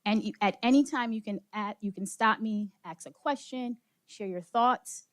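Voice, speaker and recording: A lively woman leads a workshop session, pitched a touch high, drawing the room in with questions and quick laughs. She sounds slightly out of breath as she moves through the audience. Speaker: speaker leading a workshop session. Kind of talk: interactive motivational talk. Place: conference room with live audience.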